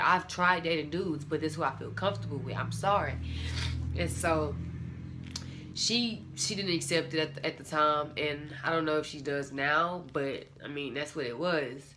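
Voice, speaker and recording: Low-voiced young woman telling her story. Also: bright, forceful tone. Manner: candid, rambling, lots of "like" and quoted dialogue. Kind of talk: casual personal storytelling.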